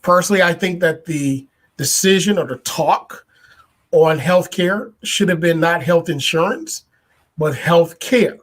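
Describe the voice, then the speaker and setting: High-voiced man musing on politics. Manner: deliberate, builds points with repetition and rhetorical questions. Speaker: podcast host. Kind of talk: political commentary monologue.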